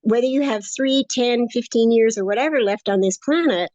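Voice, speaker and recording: A woman's voice: fairly high pitch, moderate pace, darkish tone, dry recording. Woman, late 60s, upbeat rambling interviewee; dry, slightly dull recording. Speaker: course student interviewee. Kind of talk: casual interview conversation.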